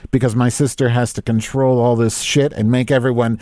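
A man's voice: medium pitch, little pitch movement, fairly quick, dark tone, no echo, studio quality. A man in his fifties hosting a podcast, ranting casually with lots of profanity and exasperation. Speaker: podcast host. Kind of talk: casual live-stream rant.

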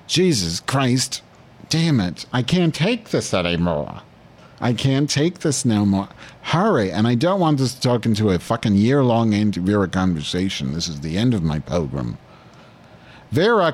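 A man hosting his own podcast, swearing constantly and insulting a caller in a crude, abrasive way. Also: mid-range voice. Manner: foul-mouthed, abrasive, mock-insulting. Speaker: podcast host. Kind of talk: crude profane call-in chat.

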